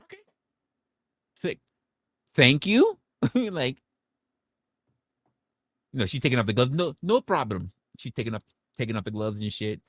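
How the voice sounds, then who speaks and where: A young man on a livestream, telling a story to his viewers in a casual, profane, animated way and acting out quotes. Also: on the low side, normal speed, long pauses, no room sound, clean studio sound. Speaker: livestream host.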